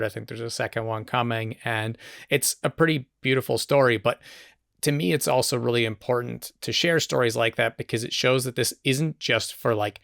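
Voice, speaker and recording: A man's voice: medium pitch, vocal fry, a bit bright, no echo, studio quality. A man hosting a podcast interview, reflective and thinking aloud with small hedges. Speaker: podcast host. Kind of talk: conversational interview.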